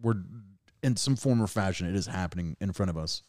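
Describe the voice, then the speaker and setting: A man's voice: deep voice, expressive, brisk, a little mellow. This is a man chatting on a casual podcast with a glass of wine in hand. He swears freely and laughs often, and his voice swings up and down with a lot of animation. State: drinking wine. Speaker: podcast co-host.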